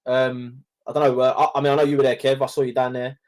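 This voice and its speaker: A man's voice: medium pitch, level tone, fast talker, a little mellow. Chatty laughing podcast host, a man. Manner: chatty, swears, laughs a lot. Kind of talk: casual chat.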